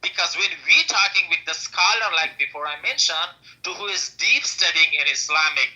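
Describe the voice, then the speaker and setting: A man with a high, sharp voice who speaks English as a second language. He talks in broken English, full of "like" and "you know", and argues back over others. The line sounds like a phone-grade audio app. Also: expressive, moderate pace, poor audio. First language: not English. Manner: broken English, many fillers, protesting. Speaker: caller on an audio-app stage. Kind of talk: heated live audio-room argument.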